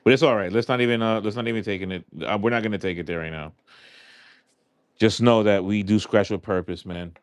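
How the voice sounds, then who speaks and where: Streamer, male, low voice, dry close sound, rambling heartfelt chat. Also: fairly even intonation, brisk, smooth, dry recording. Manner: rambling, heartfelt, filler-heavy. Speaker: live stream host. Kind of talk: casual chat while scratching lottery tickets.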